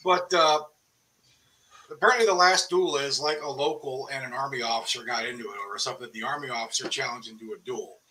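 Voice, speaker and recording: A man's voice: medium pitch, quick pace, recorded from a distance, noisy background. A man chatting loosely on a podcast, peppering his talk with "like". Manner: chatty, lots of "like". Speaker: podcast host. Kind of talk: casual podcast chat.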